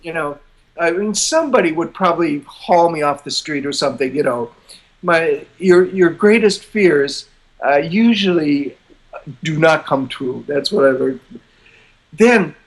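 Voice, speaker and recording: An older American man talks as a guest in a casual interview, his voice sitting somewhat high for a man. He tells his story with a self-deprecating chuckle and slips into voicing his own inner thoughts. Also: lively intonation, measured pace.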